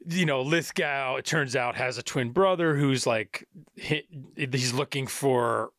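A man's voice: mid-range voice, unhurried, a bit bright, dry recording, clean studio sound. A man hosting a casual film podcast, rambling through plot summaries with many restarts and fillers. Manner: rambling, full of restarts and "you know". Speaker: podcast host.

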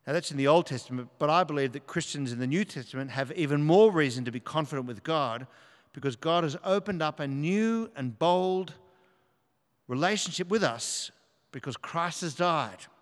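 A man's voice: fairly high pitch, lively intonation, normal speed. A man preaching a sermon in a church, earnestly reading scripture aloud with emphasis. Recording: long hall reverb.

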